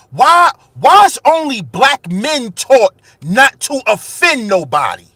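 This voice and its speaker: A man's voice: very high-pitched, very animated, takes it slowly, hardly any pauses, pushed and bright, dry recording, studio quality. A man hosting his own channel, delivering an impassioned monologue with rhetorical questions and repeated phrases, raising his voice with passion. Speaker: commentary channel host.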